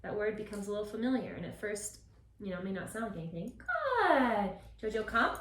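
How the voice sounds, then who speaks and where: A woman dog trainer explaining a puppy session, switching between calm explanation and high, bright praise for the dog. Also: fast talker. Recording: echoey, from a distance.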